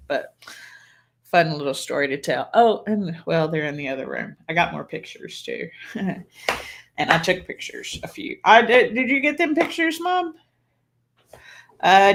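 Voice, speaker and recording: A woman's voice: mid-range voice, fairly bright tone. Lady chatting on her live stream, rambly stories, laughs a lot. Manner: rambling, chatty storyteller who laughs often. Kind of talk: casual chat.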